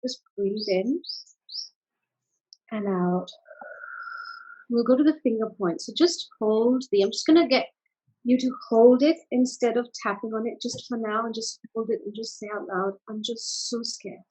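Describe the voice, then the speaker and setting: A woman coaching a guided tapping session over a video call, soothing and full of praise as she gives calm step-by-step prompts. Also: a little high, unhurried, slightly rough, rough recording.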